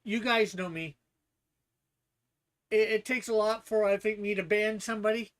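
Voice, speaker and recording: A livestream host chats casually with viewers, stumbling over words and restarting as the thoughts come. The voice sits at a middling pitch. Light laughs break up the rambling. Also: steady tone, normal speed. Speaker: streamer hosting a guessing game.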